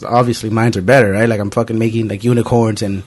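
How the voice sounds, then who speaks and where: A young man hosting a podcast, telling animated anecdotes in casual chat with frequent profanity. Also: fairly low pitch, fast talker. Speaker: podcast host.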